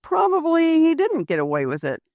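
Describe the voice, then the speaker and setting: A woman voicing a spirited, gay young shop girl in a storybook reading, with a bright, breathless, rising lilt. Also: extremely high pitch, wildly swooping pitch, moderate pace, no room sound, pitched above the performer's own voice, exaggerated voice. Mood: eager.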